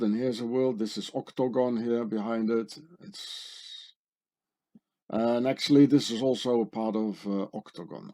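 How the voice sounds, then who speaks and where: Slow, dark-voiced man with sardonic asides. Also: medium pitch. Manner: sardonic, conspiratorial asides with tag questions. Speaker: channel host. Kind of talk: screen-share commentary.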